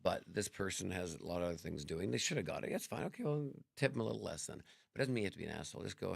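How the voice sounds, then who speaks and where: A middle-aged man, a guest on a chat show, telling stories in a lively way, acting out both sides of conversations and swearing freely. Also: low voice, rapid-fire, hardly any pauses, no room sound, studio quality. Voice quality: gravelly. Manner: animated, acts out dialogue, swears freely. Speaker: podcast guest. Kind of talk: casual storytelling chat.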